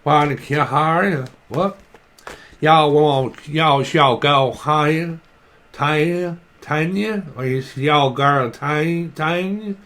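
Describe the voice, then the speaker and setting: A man's voice: fairly high pitch, drawn-out words, a bit bright. A man putting on a squealing drawly spirit voice. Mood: giddy. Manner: squealing, repetitive, giddy. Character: high-pitched, over-eager drawling spirit voice.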